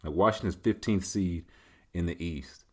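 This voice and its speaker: A man with a lowish voice hosts a laid-back solo show, rambling through listener questions. He drifts between thoughts and leans on conversational tags as he talks it out. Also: moderate pace, breathy edge. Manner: loose, rambling, conversational, leaning on filler tags. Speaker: host. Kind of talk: casual solo Q&A chat.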